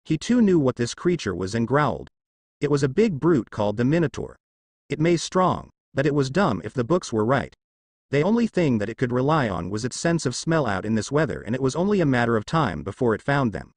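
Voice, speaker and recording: A man reading a fan fiction story aloud as narrator, with lively storytelling delivery. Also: mid-range voice, fairly quick, no echo.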